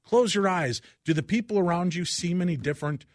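A middle-aged man hosting a talk radio show, speaking with passion that swings from loud outbursts to quiet reflection, into a studio microphone. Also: high voice, brisk, dry recording.

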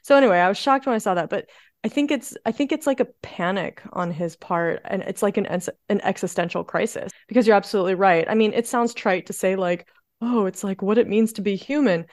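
A woman's voice: medium pitch, fast talker. A chatty woman co-hosting a horror film podcast, speaking in an easygoing conversational way. She laughs easily and talks through her thoughts as they come. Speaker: podcast co-host. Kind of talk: casual film discussion.

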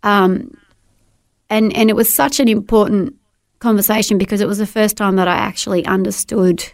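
A woman guest tells her own story in an earnest, heartfelt way, breaking off and restarting as she goes. Her voice has a gravelly, fry-laden texture. The sound is close and dry. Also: medium pitch, steady tone, normal speed, no echo. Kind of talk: personal testimony interview.

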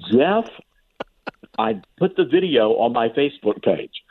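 A man's voice: mid-range voice, a little slow, noisy background. A man from the American South, a radio commentator calling in as a guest and telling stories with sarcastic relish. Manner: animated sarcastic storytelling. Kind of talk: talk radio phone interview. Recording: tinny phone line.

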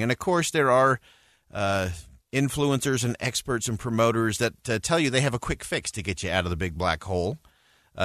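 Earnest male talk radio host, low voice. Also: a bit bright, no room sound, studio quality. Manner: earnest, reflective storytelling. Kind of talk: talk radio closing commentary.

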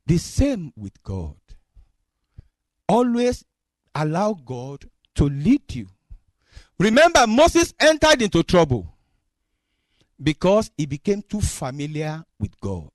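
High, lively-voiced male preacher. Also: moderate pace, no room sound. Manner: expressive, acts out dialogue with God. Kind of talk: sermon.

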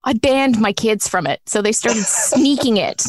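A woman's voice: on the high side, measured pace, noisy background. A woman in her forties hosting a podcast about food, chatting casually and laughing often. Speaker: host.

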